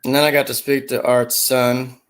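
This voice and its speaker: Bright-voiced man telling stories. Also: medium pitch, little pitch movement, normal speed. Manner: anecdotal, slips into impressions. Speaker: stream host. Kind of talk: casual chat.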